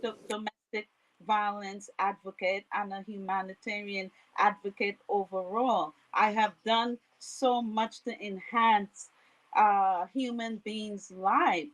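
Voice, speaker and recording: Slow-talking New York woman. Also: medium pitch, fairly even intonation, low-quality recording. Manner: slow, hesitant, many fillers. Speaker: guest. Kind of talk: livestream interview.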